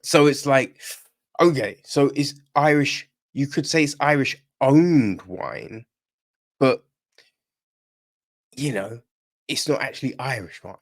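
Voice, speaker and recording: A man's voice: medium pitch, slow, pauses often. A man reviewing films on a podcast, in a blunt casual chat, feeling unwell and often asking "right?" and "you know what I mean?".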